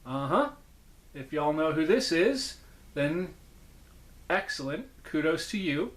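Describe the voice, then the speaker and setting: A man's voice: fairly high pitch, sing-song, slow. A man hosting a casual unboxing vlog as a puppet collector, enthusiastic and rambling, often correcting himself. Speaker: puppet collector, channel host.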